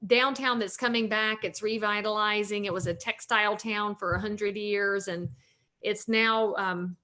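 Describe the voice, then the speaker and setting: A woman's voice: medium pitch, steady tone, a little slow, bright, forceful tone. A woman in her forties from North Carolina with a Southern US accent, a realtor and author talking at length in a casual interview, upbeat and joking.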